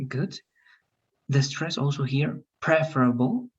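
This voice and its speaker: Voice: medium pitch, expressive, muffled recording, slight background noise. Patient teacher giving pronunciation feedback. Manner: patient, repeats words slowly for the student. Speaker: English teacher. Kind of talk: giving feedback in an online English class.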